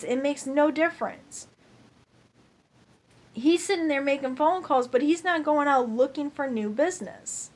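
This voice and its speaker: A woman ranting to camera in a heated, profane monologue, repeating herself over and over. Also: high-pitched.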